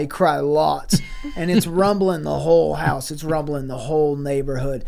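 A podcast co-host narrating an improvised comedy story in a deadpan way. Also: mid-range voice, creaky.

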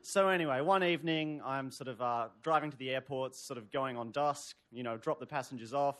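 A man's voice: mid-range voice, fairly quick, fairly bright tone. A man telling a story live on stage, rambling with lots of "sort of" fillers and wry humor. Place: stage before a live audience.

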